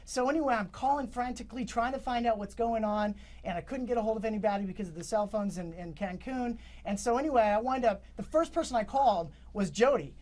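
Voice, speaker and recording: Male interview guest, high-ish voice, rambling storyteller with frequent restarts. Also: quick pace, hardly any pauses, darkish tone. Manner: rambling, full of restarts and fillers. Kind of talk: recounting events in an interview.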